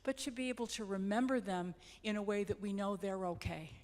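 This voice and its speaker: A woman leading a grief support group, speaking gently and repeating words for emphasis. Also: medium pitch, a little fast. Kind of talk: reflective group talk. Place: church hall. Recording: reverberant hall.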